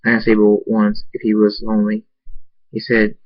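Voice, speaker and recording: A man earnestly narrating a first-person fan story, halting and restarting at times. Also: lowish voice, completely flat delivery, dry recording, lo-fi sound. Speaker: amateur story reader.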